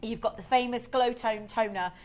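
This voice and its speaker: A woman's voice: a little high, fairly even intonation, normal speed. A woman presenting a live TV shopping show, chatty and effusive as she sells to viewers from the studio. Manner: effusive, chatty, enthusiastic selling.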